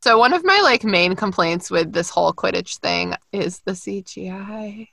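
A young woman co-hosting a podcast in casual chat, animated and sarcastic, laughing often. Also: mid-range voice, normal speed, gravelly, dry recording. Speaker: podcast co-host.

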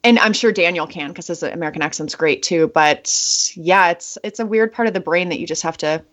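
A woman's voice: fairly low pitch, brisk, a bit bright. Bubbly laughing woman, muffled lo-fi audio. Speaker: actress and veteran guest. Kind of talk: casual interview.

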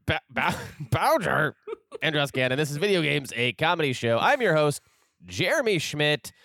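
A man hosting a comedy podcast in a studio, gravelly from smoking, rambling with many fillers and laughs. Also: a little high, very animated, normal speed, sharp tone, no echo. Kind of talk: casual comedy chat.

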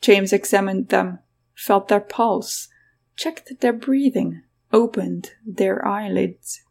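A woman narrating a fantasy story in a scripted, even reading. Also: medium pitch, slow, gravelly. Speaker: audiobook narrator.

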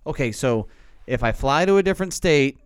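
A man co-hosting a casual podcast, telling rambling stories at his own expense and cursing freely. His voice is smooth and resonant, recorded close and dry with no room sound. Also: a little high, expressive, brisk, no echo. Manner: rambling, self-mocking storyteller with frequent cursing. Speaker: podcast co-host. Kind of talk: casual chat.

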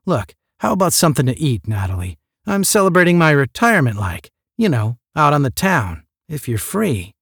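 A man's voice: fairly high pitch, big pitch swings, moderate pace, vocal fry, hardly any pauses, a bit bright, breathy edge, no room sound, studio quality, voice pushed up, exaggerated voice. A man voicing a retired spaceman who talks in a casual, slangy way in an audiobook. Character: retired male spaceman, casual and rough-spoken.

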